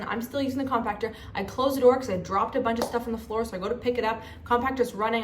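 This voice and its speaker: A young woman vlogger telling stories in a chatty, animated way, full of fillers. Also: on the high side. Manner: chatty, animated, lots of 'like'. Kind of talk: casual storytelling vlog. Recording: echoey room with faint noise.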